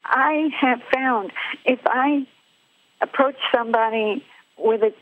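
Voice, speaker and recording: A woman's voice: a little high, slow, dry recording. An older woman giving her personal testimony in an earnest, plain storytelling way, heard over a tinny phone line.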